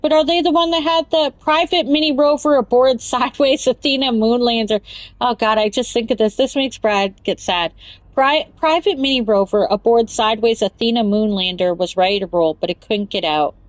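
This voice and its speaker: A woman's voice: on the high side, moderate pace, no echo, rough recording. A woman hosting a casual chat show, reading news aloud and rambling off on tangents with giggles. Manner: rambling, giggly, talks over herself. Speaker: podcast host.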